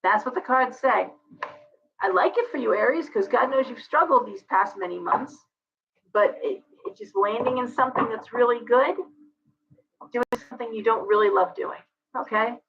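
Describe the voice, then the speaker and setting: A woman with a raised, gravelly voice chats her way through a live tarot reading, wandering into asides as she goes. She is losing her voice and sounds hoarse. The live-stream audio comes through dull and lo-fi. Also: on the high side, animated, moderate pace. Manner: chatty and meandering, with many asides. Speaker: tarot reader hosting a live video.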